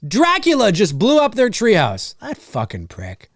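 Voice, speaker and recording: A man hosting a live movie watch-along, reacting out loud and swearing easily. His voice sits high for a man and leaps around, and the recording is dry and close. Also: creaky, dry recording. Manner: animated, swears freely, quick pitch jumps. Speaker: movie commentary host. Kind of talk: live movie commentary to chat.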